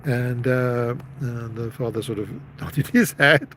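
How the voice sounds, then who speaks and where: A man's voice: medium pitch, slow, a bit bright, a little hiss or hum, rough recording. A man hosting a live stream, telling a story in a casual, rambling way. He often stops and repeats words as he goes.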